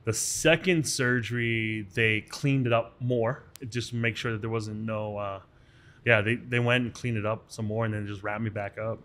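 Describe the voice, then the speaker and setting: A lowish voice at a moderate pace belongs to an American man guesting on a podcast. He narrates his story with casual energy, restarting his sentences often and animatedly acting out what others told him.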